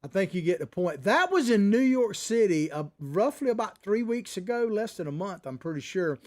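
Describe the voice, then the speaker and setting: Middle-aged male host, high voice that swings all over, folksy and combative. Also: big pitch swings, moderate pace, a little mellow. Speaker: commentary show host. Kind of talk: opinionated political commentary.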